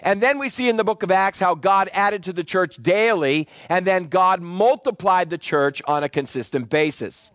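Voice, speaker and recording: A man preaching a teaching sermon in a fairly high voice, walking through scripture verse by verse. He has his congregation repeat key terms back to him. The sound is dry and close, with little room echo. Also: moderate pace, hardly any pauses, a bit bright. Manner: call-and-response with the congregation; explanatory, citing scripture verses. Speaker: pastor.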